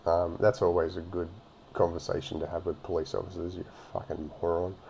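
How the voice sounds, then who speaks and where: A man's voice: low-pitched, little pitch movement, a little fast, gravelly, mellow, slight background noise. A man giving a profane, mocking rant as he comments on a video. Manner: ranting and mocking, heavy swearing. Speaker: reaction commentator.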